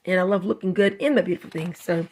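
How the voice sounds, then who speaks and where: A woman's voice: on the low side, steady tone, fast, husky. Chatty sassy woman craft vlogger. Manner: chatty, effusive, sassy, laughs often. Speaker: craft channel host. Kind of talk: casual coloring book review vlog.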